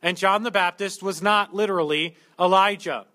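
Man, pastor, sermon, high voice, bright tone, chatty with joking asides. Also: moderate pace. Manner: conversational preaching with humorous asides.

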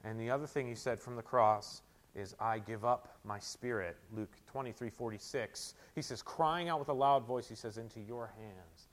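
A man preaching a sermon, moving between quiet, close teaching and loud, emphatic proclamation. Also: mid-range voice, moderate pace. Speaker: pastor.

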